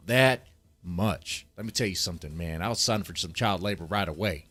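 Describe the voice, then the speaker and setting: A man's voice: low voice, normal speed, bright, forceful tone. A man reacting to a video on a live stream, greeting chatters and ranting with heavy swearing. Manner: profane, ranting, mocking. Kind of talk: casual live-stream commentary.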